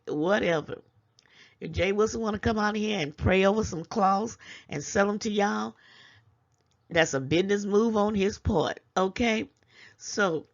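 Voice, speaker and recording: Woman vlogger ranting at her audience, gravelly voice, keeps asking huh, dull lo-fi sound. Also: mid-range voice. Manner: preachy, scolding with rhetorical questions; chuckles between points. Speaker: channel host. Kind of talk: casual commentary vlog.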